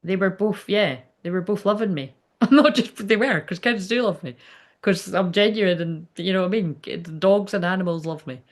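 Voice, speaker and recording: A woman's voice: medium pitch, normal speed. A woman medium chatting casually during a live reading, rambling, laughing often and swearing freely. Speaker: psychic medium.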